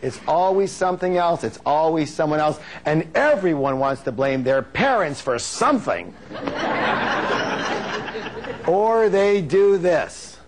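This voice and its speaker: A man giving a live motivational seminar on stage, energetic and playful, drawing call-and-response answers from the audience. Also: takes it slowly, background noise. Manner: playful, acts out quotes in high silly voices.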